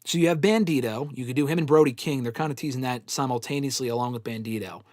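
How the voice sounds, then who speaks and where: A man's voice: medium pitch, fast talker, a little mellow, no room sound, clean studio sound. A man hosting a live fan Q&A, talking bluntly with plenty of swearing and rambling opinions. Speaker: host answering fan questions. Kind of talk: live casual Q&A stream.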